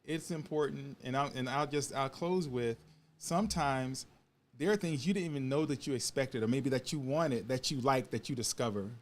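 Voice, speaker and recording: A man co-hosting a marriage talk show, giving earnest advice in a casual way, often dropping to a low, soft voice. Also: moderate pace.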